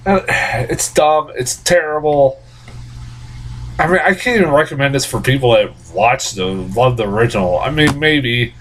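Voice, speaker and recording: A man's voice: medium pitch, normal speed, fairly bright tone. Man, casual film reviewer, blunt and profane, stammery restarts. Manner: exasperated, blunt. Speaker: movie reviewer.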